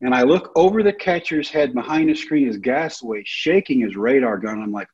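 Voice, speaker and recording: A man's voice: medium pitch, lively intonation, brisk, hardly any pauses, darkish tone, slightly rough, highs cut off. A man, telling his life story and acting out the other people's lines. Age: 30s. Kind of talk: storytelling talk.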